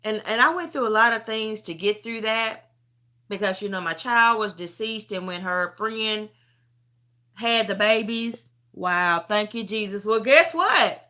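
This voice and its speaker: Bright-voiced woman giving a tearful testimony. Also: mid-range voice, unhurried. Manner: animated storytelling, calls the listener "beauty". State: near tears. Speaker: host sharing a personal testimony. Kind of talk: emotional live-stream testimony.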